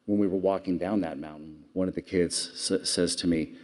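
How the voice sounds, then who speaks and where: Earnest low-voiced man giving a speech. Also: fairly even intonation, normal speed, few pauses, darkish tone. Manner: earnest storytelling, audience questions. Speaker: award speaker. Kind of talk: public speech.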